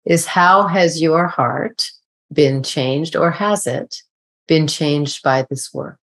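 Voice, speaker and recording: A woman hosting an interview, speaking softly and affirming her guest as she asks questions. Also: low voice, slow pace. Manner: soft, affirming. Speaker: interview host. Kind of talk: conversational interviewing.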